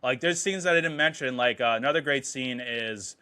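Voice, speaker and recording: A man giving a casual, excited movie review, swearing freely and paraphrasing scenes as he goes. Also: mid-range voice. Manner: excited, profane, quotes scenes in quick paraphrase.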